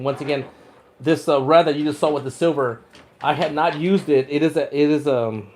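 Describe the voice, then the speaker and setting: A man hosting a fishing livestream in casual chat, showing off his rod wraps, often repeating words and laughing. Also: medium pitch.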